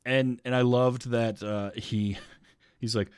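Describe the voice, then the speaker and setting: A man hosting a podcast, chatting casually about a film with lots of ums and quick acted-out lines. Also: medium pitch, fairly even intonation, smooth, no echo, clean studio sound. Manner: rambling, fills with ums, acts out scenes. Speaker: podcast host. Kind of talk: casual movie chat.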